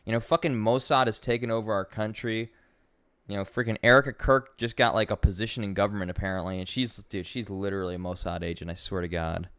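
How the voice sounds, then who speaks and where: A young American man ranting in casual live-stream chat, swearing a lot and swinging between loud outbursts and low mutters. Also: fast, smooth, dry recording. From United States. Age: young adult.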